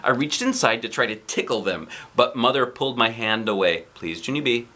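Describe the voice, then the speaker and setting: A man reading a children's book aloud, playful and animated, with little asides. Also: mid-range voice, fairly quick. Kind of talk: storybook read-aloud.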